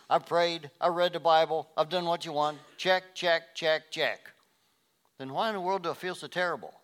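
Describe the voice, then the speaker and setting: A male pastor preaching a sermon, swinging from loud emphatic rises to quiet low passages and often repeating words as he restarts phrases.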